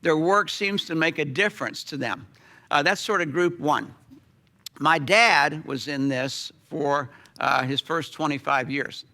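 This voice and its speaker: A middle-aged pastor telling a story in a sermon, animated, with sudden drops to a hush. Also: male voice, on the high side, a little slow.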